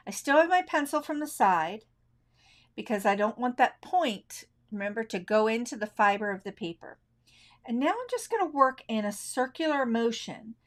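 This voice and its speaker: Middle-aged lady teaching colored pencils live, chatty and relaxed, kinda high voice. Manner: relaxed, chatty, thinks aloud; left-handed. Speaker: art instructor.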